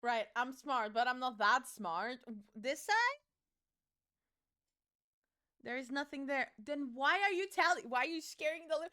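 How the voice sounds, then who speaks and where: A woman's voice: sits high, slow, long pauses, sharp tone. A young woman streaming a game, chatting casually with her chat, giggling and swearing.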